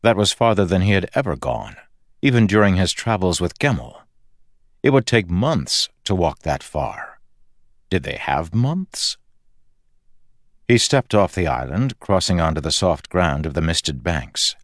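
A man giving a measured, expressive scripted narration of an audiobook. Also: deep voice, no echo, clean studio sound.

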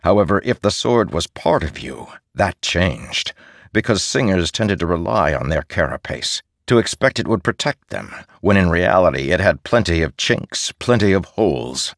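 A man giving measured, steady scripted narration as an audiobook narrator. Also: deep voice, no room sound. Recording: dry close studio sound.

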